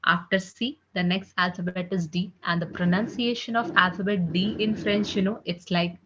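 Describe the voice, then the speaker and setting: A woman's voice: on the low side, fairly even intonation, a bit bright, husky. Woman teaching French over a call. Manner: fillers of "you know, like", slow repeated drilling of sounds. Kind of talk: online class lesson. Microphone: computer mic on a video call. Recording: slightly dull lo-fi call audio.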